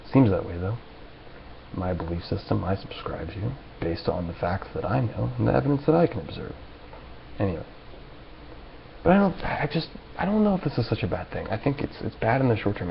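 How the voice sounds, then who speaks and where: A man talking to camera in a rambling, animated monologue full of restarts. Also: low voice, creaky, muffled recording, a little hiss or hum. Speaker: vlogger.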